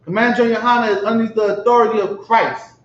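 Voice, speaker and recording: A man's voice: high voice, fairly even intonation, quick pace, a little hiss or hum. A man preaching with emphatic rhetorical questions, often asking if his listeners understand. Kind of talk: street-style religious preaching. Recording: echoey lo-fi room recording.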